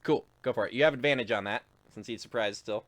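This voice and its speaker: A man's voice: mid-range voice, fast talker, a bit bright, slight background noise. A man narrating as game master of a tabletop game in a laid-back, chuckling manner with many fillers. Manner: laid-back, laughs often, lots of fillers.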